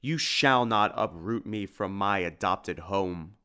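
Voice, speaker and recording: A man voicing the spirit of a vampire count in an audiobook, with booming, drawn-out threats. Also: pushed and bright, smooth. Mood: menacing. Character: Count Dracula's spirit, a menacing male vampire. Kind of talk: audiobook character voice.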